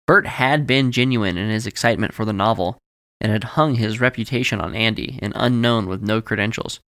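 Gravelly male audiobook narrator. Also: fairly low pitch, bright, forceful tone, no echo, studio quality. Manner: measured storytelling, voices each character. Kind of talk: scripted narration.

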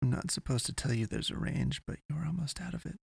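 A woman's voice: low voice, fast talker, gravelly, darkish tone, breathy edge, dry recording, clean studio sound, voice pushed up, full character voice. A man reading a story aloud, voicing a stern, guarded young woman who speaks curtly and only grudgingly shows concern.

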